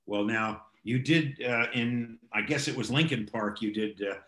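An older man with a mid-pitched voice hosts the interview, asking his questions slowly and with pauses. He is recorded in a roomy space with a noticeable echo. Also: fairly bright tone. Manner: slow, unhurried questions with pauses. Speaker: interview host. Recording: echoey room.

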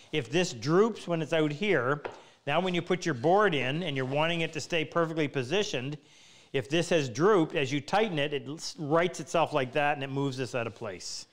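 A woodworking teacher hosting a live Q&A, chatting in a self-deprecating way and rambling through anecdotes. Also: male voice, a little high, normal speed. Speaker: woodworking teacher and show host. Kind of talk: live Q&A, casual storytelling. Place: woodworking workshop.

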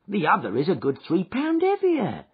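A man voicing a brisk, practical farm woman who is a little huffy. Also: sits high, huge pitch swings, slightly rough, pitched above the performer's own voice, heavily acted. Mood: matter-of-fact. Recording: dull lo-fi recording.

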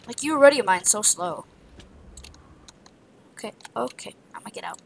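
A woman's voice: medium pitch, lively intonation, normal speed, gravelly, pauses often, slight background noise, low-quality recording. A woman narrating her own gameplay, muttering to herself in a half-whisper with frustrated outbursts. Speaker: gamer. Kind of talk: let's play commentary.

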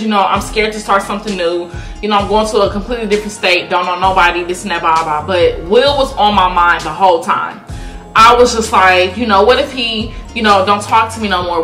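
A woman in her twenties chatting casually on a vlog, lively and swearing freely as she acts out what people said. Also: mid-range voice. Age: 20s. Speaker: vlog guest, girlfriend. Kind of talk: casual chat. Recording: echoey room with music behind.

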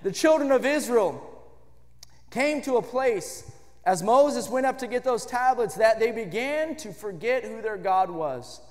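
Man, preacher, high voice, fervent sermon, long reverb of a church hall. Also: lively intonation, a little slow. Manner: fervent, builds to shouts on praise lines. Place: church sanctuary.

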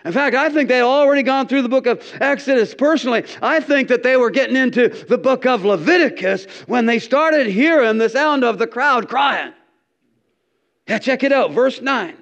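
A middle-aged male pastor preaching a sermon in an animated, folksy storytelling manner with repeated restarts. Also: extremely high pitch, moderate pace. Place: church. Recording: dull lo-fi recording.

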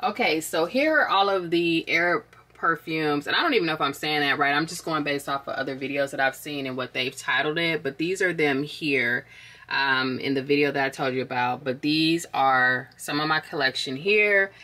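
A woman's voice: deep voice, moderate pace, pushed and bright. A young woman vlogging at home, chatting casually about beauty and perfume and calling her viewers dolls. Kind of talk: casual beauty vlog chat. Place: room at home, closet. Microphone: camera mic.

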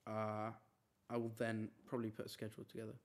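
His voice lowish and delivered completely flat, a man chats casually on a live stream, reading messages from chat and answering questions. He comes across as chatty and easygoing, quick to wave away teasing.

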